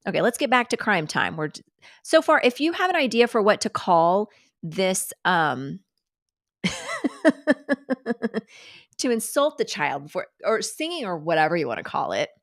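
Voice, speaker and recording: A woman's voice: fairly low pitch, sing-song, moderate pace, long pauses, fairly bright tone, no echo, clean studio sound. A woman hosting a live stream, chatting casually, giggling and swearing freely as she reacts to clips. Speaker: host.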